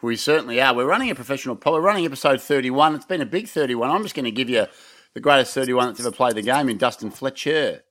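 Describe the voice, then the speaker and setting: A man's voice: medium pitch, quick pace, fairly bright tone. An Australian man hosting a casual podcast, upbeat and teasing in his banter. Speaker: podcast host. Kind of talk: casual chat.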